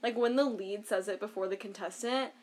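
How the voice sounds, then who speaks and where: A woman co-hosting a podcast, chatting casually about a reality show, full of "like" and quick laughs. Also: medium pitch, a little mellow. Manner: chatty, lots of "like", laughs often. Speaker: podcast co-host.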